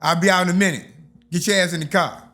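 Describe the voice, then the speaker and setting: A man's voice: sits high, steady tone, quick pace, sharp tone. An older man, telling stories from his youth in a casual interview and acting out the voices. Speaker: interview guest.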